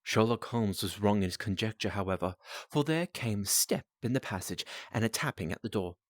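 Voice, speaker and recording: A man's voice: on the low side, fairly quick, dry recording. A man reading a novel aloud on a live stream, breaking off for casual asides to viewers and restarting lines.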